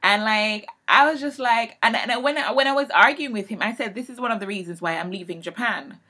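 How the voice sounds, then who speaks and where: A woman who works as an English teacher, telling an emphatic story in a vlog rant, rising loud and high when she gets heated. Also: a little fast, husky.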